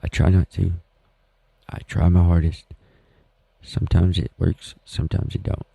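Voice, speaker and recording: A man's voice: low-pitched, flat delivery, normal speed, vocal fry, dark tone, breathy edge, no room sound, poor audio. A man with a Southern US accent hosting a podcast, talking in a rambling, folksy, self-deprecating way. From Southern United States. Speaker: podcast host. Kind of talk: casual solo podcast talk. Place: home.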